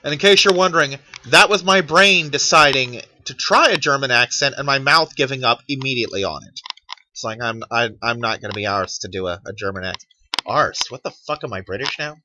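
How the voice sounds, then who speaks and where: A man's voice: medium pitch, a little fast, bright, forceful tone, slight background noise, poor audio. A man in his thirties ranting in a profane, sarcastic monologue as a channel host, mocking other people in put-on quotes.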